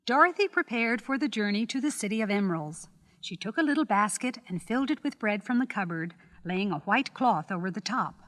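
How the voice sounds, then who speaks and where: A woman narrating a children's storybook record in a measured, expressive, scripted style. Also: mid-range voice, big-room sound.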